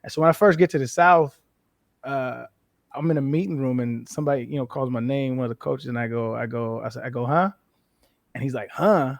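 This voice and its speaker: A man in his thirties from the western United States, a former football player speaking as a guest, telling candid, animated stories laced with profanity. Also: medium pitch, fast, vocal fry, dry recording. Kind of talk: casual conversational interview.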